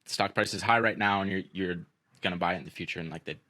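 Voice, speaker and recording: A man's voice: deep voice, fast, pushed and bright, no room sound. A young man hosting a podcast, telling a story in a rambling, profane way, full of fillers. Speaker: podcast host. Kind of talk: casual storytelling chat.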